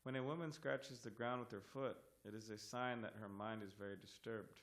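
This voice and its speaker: A man leading a scripture class in a temple hall, reading verses and commentary aloud in a measured, word-by-word manner. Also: fairly low pitch, fairly even intonation, a bit bright.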